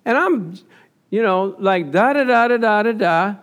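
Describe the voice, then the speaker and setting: High-voiced, lively preaching pastor. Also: male voice, slow, long pauses. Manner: animated, asks the congregation questions and answers them; laughs often. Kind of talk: sermon with slides.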